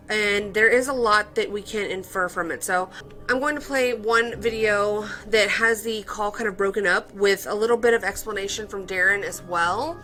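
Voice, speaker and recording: A woman's voice: medium pitch, pushed and bright, poor audio. A woman hosting a true crime channel, narrating casually and speaking straight to her viewers. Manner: chatty, talks to viewers directly.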